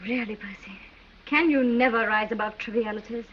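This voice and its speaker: A woman's voice: on the high side, normal speed, lightly acted. An actress playing an exasperated young noblewoman, earnest and impatient, in 1930s film acting. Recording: dull old film soundtrack with hiss.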